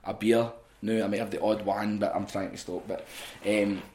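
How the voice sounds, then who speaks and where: A man's voice: fairly low pitch, flat delivery, normal speed, a little mellow. A Scottish man, a wrestling promoter, chatting casually on a podcast, swearing freely and stumbling over restarts as he spins anecdotes.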